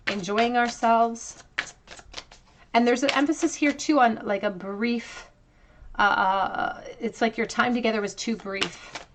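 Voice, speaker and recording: A woman's voice: fairly high pitch, slight background noise. A woman giving a pick-a-card tarot reading to her viewers, earnest and reflective, drawing out key phrases for emphasis. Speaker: tarot reader.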